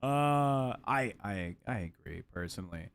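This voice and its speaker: A man's voice: fairly low pitch, lively intonation, unhurried, creaky. A man co-hosting a livestream, chiming in with wry jokes and comments. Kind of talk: casual livestream chat.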